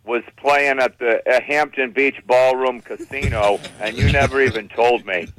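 A man voicing a bossy, guilt-tripping aunt over seventy who nags and scolds, in a lowered voice. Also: steady tone, moderate pace, fairly bright tone, slight background noise, close to an everyday voice, rough recording. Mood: scolding. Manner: nagging, scolding.

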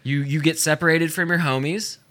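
A man's voice: a little high, fairly even intonation, fairly quick, sharp tone. A young man co-hosting a podcast in casual chat, laid-back and often restarting his sentences. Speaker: podcast co-host.

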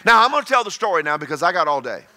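A man preaching a sermon, folksy and joking, swinging between loud exhortation and quiet storytelling. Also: fairly high pitch, sing-song, racing.

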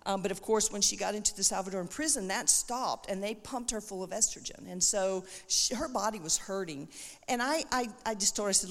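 A middle-aged woman tells a story from the pulpit as a testimony, and she acts out the voices of the people in it. Her voice sits at an ordinary pitch for a woman, and a long reverb trails after it through the hall. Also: a little fast, fairly bright tone. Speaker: missionary speaker. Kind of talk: church testimony talk.

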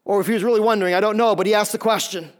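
A man's voice: sits high, fairly even intonation, very fast. A man preaching a sermon as pastor, emphatic, often repeating a word as he starts a phrase.

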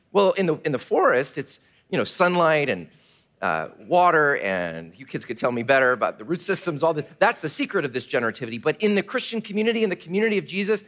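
Animated male pastor preaching. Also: on the high side. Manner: animated preaching, drops to a hush for quiet moments. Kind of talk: sermon.

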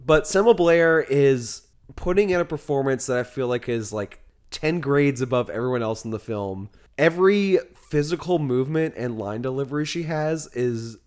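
A man co-hosting a podcast, talking about films in a loose, conversational way. He is chatty and leans on filler words. His voice sits in a middle pitch. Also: a little mellow. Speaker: podcast co-host. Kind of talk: casual film discussion.

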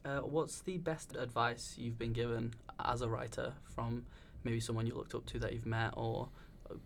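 A man's voice: mid-range voice, flat delivery, moderate pace, vocal fry, a little hiss or hum. A man interviewing a guest, asking brief, plain questions.

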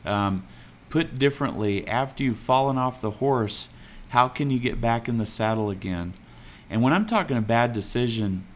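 A man's voice: medium pitch, slight background noise. A man with a Texas accent preaching a sermon in an earnest, conversational way, with fillers and restarts. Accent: Texan. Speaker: pastor.

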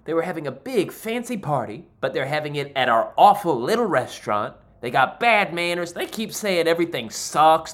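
A man telling a stand-up comedy story, animated and exasperated with deadpan asides. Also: fairly high pitch, moderate pace.

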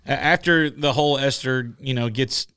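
A church music minister talks easily with his co-hosts, quick to tell a story. His voice sits at an ordinary pitch. The recording is dry, with no room around it. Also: bright, forceful tone, smooth, no echo. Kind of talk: casual chat.

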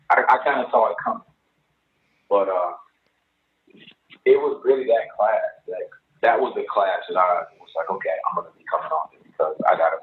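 A young man telling his life story as a guest, animated, jumping up in pitch when he retells moments. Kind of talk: casual storytelling interview. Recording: tinny phone-like line with faint hiss.

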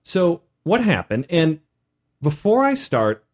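A man co-hosting a podcast, talking casually as a game master and retelling a session in an animated way. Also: fairly high pitch, takes it slowly. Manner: animated storytelling.

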